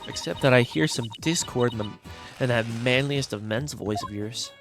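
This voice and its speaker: Over game music, a man with a mid-range voice streams a game live at a moderate pace. He chats casually and wryly, swears now and then, and reads the dialogue aloud.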